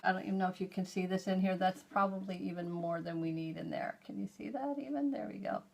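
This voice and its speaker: A woman's voice: fairly low pitch, fast, creaky. A middle-aged woman hosting a hands-on how-to demonstration, explaining each step in a chatty, homey way as she works. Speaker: host.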